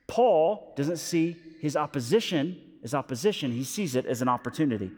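A male pastor giving a sermon, telling stories in an animated way with lots of fillers, moving between loud and hushed. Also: fairly high pitch, normal speed. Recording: long hall reverb.

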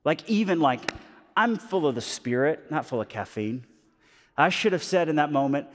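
A male pastor giving a sermon, telling stories in an animated way with lots of fillers, moving between loud and hushed. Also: mid-range voice, moderate pace. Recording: long hall reverb.

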